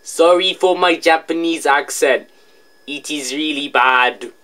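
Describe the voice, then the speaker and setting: A man's voice: fairly high pitch, slow, bright, forceful tone. A young man giving rambling, self-mocking reaction commentary on his old video.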